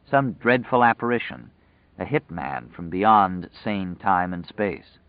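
A man reading a story aloud in a measured, dramatic way, heard through a tinny, dry recording. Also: fairly low pitch, no echo. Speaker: narrator. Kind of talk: audiobook narration. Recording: tinny, phone-like dry sound.

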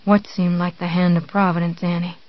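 A reader voicing a weak, drugged, injured man with a quiet, croaking, slurred voice, in a dull audiobook recording. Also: medium pitch, level tone, a little fast, no echo, natural voice. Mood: weary.

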